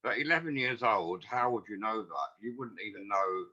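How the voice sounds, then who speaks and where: A man's voice: on the low side, lively intonation, moderate pace, pushed and bright. A man, recalling the past as a guest in a rambling, earnest way. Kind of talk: casual storytelling. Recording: dull lo-fi audio.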